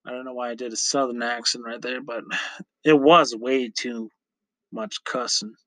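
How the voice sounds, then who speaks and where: A man hosts his own podcast in an unhurried, casual solo ramble. He talks slowly and often stops to correct himself. His voice sits at a middle pitch and sounds dry and close on the mic. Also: a bit bright, dry recording. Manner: rambling, chatty, self-correcting with frequent fillers. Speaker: podcast host.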